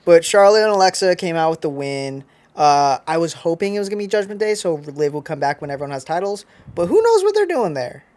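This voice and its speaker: A man's voice: fairly high pitch, very animated, a little mellow. A man co-hosting a casual chat, eager and a bit bossy, pushing the talk forward. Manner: eager, bossy, quick to hurry things along. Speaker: podcast co-host.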